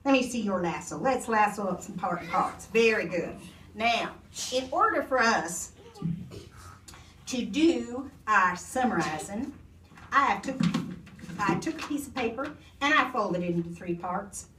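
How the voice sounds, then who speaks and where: Slow, expressive woman teacher in echoey classroom. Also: mid-range voice, distant mic, slight background noise. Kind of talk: classroom lesson and read-aloud. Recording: echoey classroom heard from afar.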